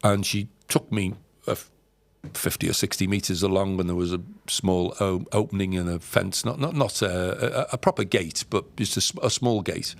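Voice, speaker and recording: Low, gravelly man telling a story haltingly. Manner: halting, with many fillers and repeated words; earnest and reflective. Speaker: podcast guest recounting travels. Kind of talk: conversational storytelling.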